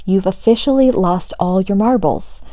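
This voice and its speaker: A woman's voice: medium pitch, normal speed, dark tone, dry recording, lightly acted. A woman reading the lines of a sarcastic, skeptical boy in a storybook, with a dry, mocking delivery.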